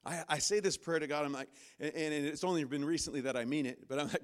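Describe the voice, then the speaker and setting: A man preaching a sermon from a church stage, animated and acting out inner voices with sudden loud, high bursts. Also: quick pace, few pauses. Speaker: pastor.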